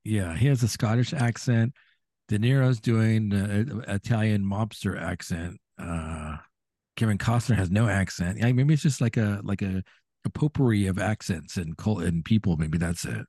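A man co-hosting a podcast in casual chat, chatty and quick to laugh. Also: no room sound, studio quality. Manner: chatty, laughs often, animated pitch swings. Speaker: podcast co-host.

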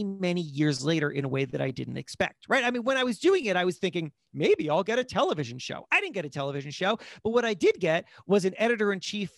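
A man, a magazine editor, talking casually as an interview guest, telling stories in an animated way with quick asides and restarts. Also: sits high, no echo, clean studio sound. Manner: animated storyteller, fast asides, frequent restarts.

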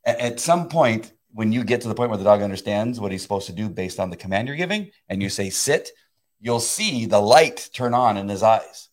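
A man in his fifties co-hosting a casual faith chat, excitable and laughing often, often restarting mid-sentence. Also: on the low side, brisk. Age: 50s. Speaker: co-host.

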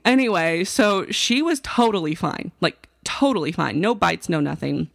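A woman tells a personal story to her listeners in a casual, chatty way. She tosses in fillers and asides as she goes. Her voice sits low with a gravelly fry, and the recording sounds dry and close. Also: lively intonation, moderate pace, few pauses, dry recording. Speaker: podcast host telling a personal story.

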